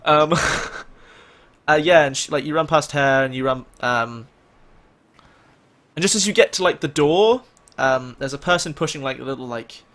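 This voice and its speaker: A man's voice: fairly high pitch, a little slow, fairly bright tone. A man narrating as game master, rambling with many fillers.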